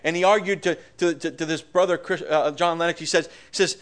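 Man preacher, somewhat high voice, fervent sermon, swells and drops, stumbles over words. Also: fast talker, few pauses, a bit bright. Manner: impassioned, rising and falling in volume, with stammered restarts.

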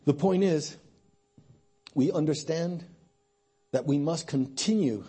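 A man preaching a conversational sermon in church, swinging between hushed and emphatic lines. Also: a little high, takes it slowly, breathy edge.

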